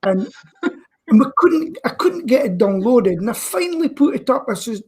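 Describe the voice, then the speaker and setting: A man's voice: very high voice, sing-song, moderate pace, a little mellow, a little hiss or hum. A man with a Scottish accent chats on a video call. He talks casually, fills the talk with jokes and stories, and enjoys teasing the others. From Scotland. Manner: joking, chatty storyteller. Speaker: guest on a live-stream talk show. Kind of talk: casual chat.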